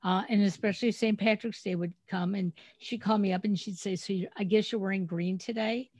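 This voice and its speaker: A middle-aged woman hosting a podcast, telling family stories in a chatty, animated way over a remote call. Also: mid-range voice, fairly quick, dry recording. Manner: storytelling, chatty, animated retelling. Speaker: podcast host. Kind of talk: casual interview chat.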